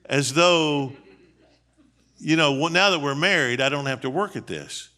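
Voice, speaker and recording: A man's voice: a little high, expressive, measured pace, pushed and bright. A middle-aged man, a seminary dean, giving a conversational sermon on marriage in a folksy, emphatic way full of rhetorical questions. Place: church.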